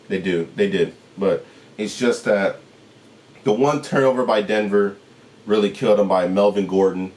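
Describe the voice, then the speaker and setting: Lower-voiced man ranting about games. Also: normal speed. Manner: animated ranting with rhetorical questions. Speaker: sports channel host. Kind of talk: solo sports recap rant.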